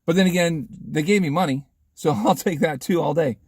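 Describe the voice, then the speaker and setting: A man casually telling a funny anecdote in a vlog, lively and chatty, laughing at his own story. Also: a little high, brisk, husky, no echo, studio quality.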